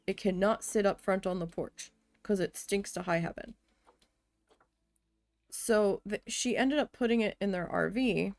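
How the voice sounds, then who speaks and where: A woman streaming a building game, telling a story in a casual, venting way with a lot of swearing, and muttering quietly to herself while she builds. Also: medium pitch, measured pace, dry recording. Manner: chatty venting with frequent swearing.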